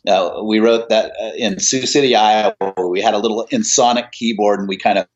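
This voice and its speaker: A man's voice: on the low side, fairly even intonation, fairly quick. A middle-aged man, a musician, telling rambling stories in a casual interview, full of fillers and restarts. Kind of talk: casual anecdotal storytelling. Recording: dull lo-fi audio.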